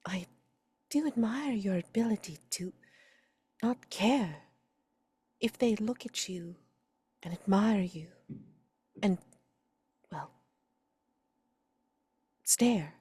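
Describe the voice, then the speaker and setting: A man voicing a shy, veiled young woman chemist in a whispered role-play, soft, hushed and meek. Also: high-pitched, takes it slowly, pauses often, breathy edge, no room sound, pitched above the performer's own voice, full character voice.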